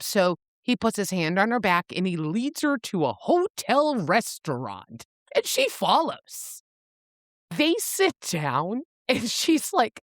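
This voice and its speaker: Lively woman recapping a book, swearing freely. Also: dry recording, clean studio sound. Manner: animated storyteller, swears freely, acts out quotes with pitch jumps. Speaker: podcast co-host. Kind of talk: casual book recap chat.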